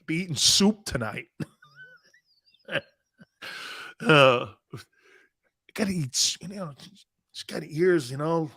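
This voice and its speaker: A man's voice: medium pitch, measured pace, pauses often, a bit bright. A middle-aged man hosting a sports talk show, joking with his crew, laughing often and restarting his sentences.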